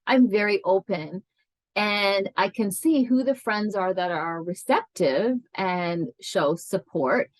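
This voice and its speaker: A woman in her forties speaks in a measured, middle pitch, recounting personal memories with earnest emotion. She often restarts her sentences as she reflects. The recording is dry and close, with no room echo. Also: animated. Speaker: interviewee. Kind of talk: oral history interview, personal storytelling.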